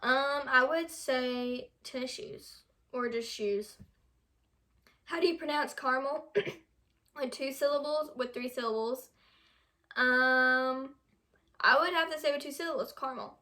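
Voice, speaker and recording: Young american woman, kinda high voice, reading quiz stuff casually, trips on words sometimes. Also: unhurried, pushed and bright. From United States. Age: young adult. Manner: reads questions aloud, stumbles over words. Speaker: vlogger.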